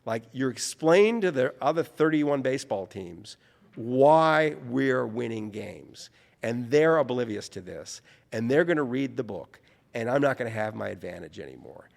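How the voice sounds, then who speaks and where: A male author from New Orleans spins anecdotes as an interview guest. His voice ranges widely in pitch as he works himself into each story, and he keeps doubling back on his own phrasing. A long reverb hangs on the room. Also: moderate pace, creaky. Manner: animated, self-correcting storyteller.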